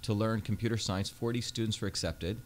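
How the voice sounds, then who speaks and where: Guest spot: man in his 50s, deep-ish voice, earnest storyteller, faint background hiss. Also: fairly even intonation, brisk. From India. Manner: earnest, fluent storytelling with frequent fillers. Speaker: Senate candidate, guest. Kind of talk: radio interview. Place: radio studio.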